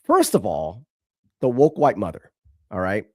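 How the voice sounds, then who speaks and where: Emphatic male commentator, lively pitch. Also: unhurried, dry recording, studio quality. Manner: emphatic, repetitive, scornful. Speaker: host. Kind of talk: commentary on a video.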